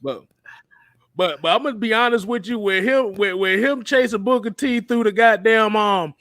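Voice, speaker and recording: Male co-host, casual talker, lively and laughing, high bright tone. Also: moderate pace, dry recording, clean studio sound. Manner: laughing often, acts out quotes. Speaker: podcast co-host. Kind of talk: casual chat.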